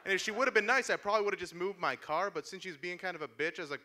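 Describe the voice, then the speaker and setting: Stand-up guy on a club mic, deadpan snarky delivery, bright pushy voice, bit of room hum behind. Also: high voice, racing. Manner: sardonic, deadpan asides with sudden shouted outbursts. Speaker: stand-up comedian. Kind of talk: stand-up comedy set. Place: comedy club stage. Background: small audience laughing.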